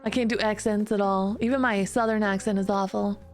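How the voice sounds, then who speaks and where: A chatty woman streamer talks easily at a middle pitch, giggling often and poking fun at herself. Her sentences restart and tumble on. Quiet music plays behind her. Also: steady tone. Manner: chatty, giggly, self-deprecating, quick restarts. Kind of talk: casual chat with stream chat.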